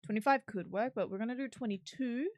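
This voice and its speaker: A woman's voice: on the high side, fast, no echo. A woman streamer chatting casually while she works on a 3D model, giggly and swearing now and then.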